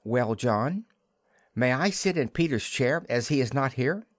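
A man's voice: medium pitch, animated, unhurried, no room sound, clean studio sound. A man voicing a grumbling schoolboy with a put-out manner.

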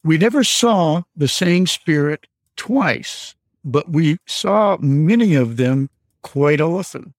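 A man in his seventies from Michigan, calling in and telling a personal story slowly and deliberately, with many pauses. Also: a little high, expressive, no room sound. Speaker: caller telling a ghost story. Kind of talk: storytelling on a radio call.

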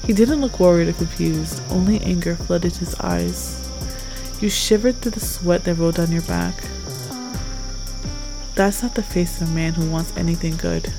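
A woman narrating a tense second-person audio story in a measured way. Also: lowish voice, vocal fry, poor audio. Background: music.

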